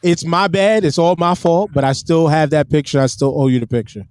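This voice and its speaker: A man's voice: fairly high pitch, a little fast, a little mellow, clean tone, no echo, clean studio sound. A man hosting a podcast, joking with guests in loose, profane banter. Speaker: podcast host.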